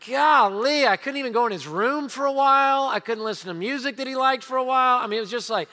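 A man in his forties with a drawl delivers a sermon with animated storytelling. His voice sits high and bright, rising loud and dropping hushed. It rings with the long reverb of a large church sanctuary. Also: fast, hardly any pauses. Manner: lively storytelling, swings between loud and hushed. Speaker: pastor.

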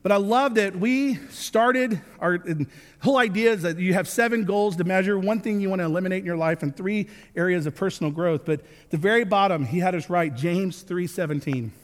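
A man in his thirties delivers a sermon in a high, bright-toned voice. He is earnest but slips in joking asides. His words ring out with the long reverb of a large church hall. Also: fairly quick. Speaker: pastor.

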